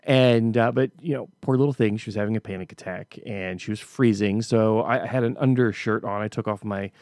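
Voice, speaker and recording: A man's voice: fairly low pitch, brisk, darkish tone, no echo, studio quality. A middle-aged man hosting a podcast, talking in a casual reflective monologue and telling personal stories conversationally with frequent restarts. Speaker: podcast host.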